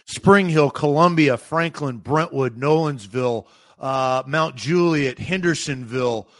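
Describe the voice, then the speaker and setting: A man's voice: medium pitch, measured pace, fairly bright tone. A man from the Nashville area with a slight Southern accent, co-hosting a casual sports talk show and getting heated when irritated. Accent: slight Southern American. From Nashville area, Tennessee. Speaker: podcast co-host.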